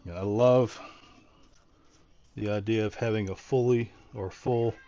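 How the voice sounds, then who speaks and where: Low-voiced man rambling through a DIY project. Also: steady tone, measured pace, warm tone, dull audio. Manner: rambling, thinking aloud with many restarts. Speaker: DIY vlogger. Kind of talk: casual DIY walkthrough.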